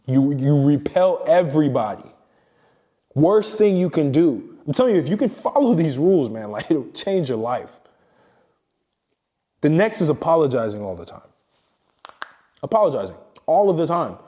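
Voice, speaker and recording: A man's voice: fairly high pitch, sing-song, moderate pace, long pauses, warm tone. A man giving a blunt, profane motivational monologue as a self-improvement coach, lecturing emphatically.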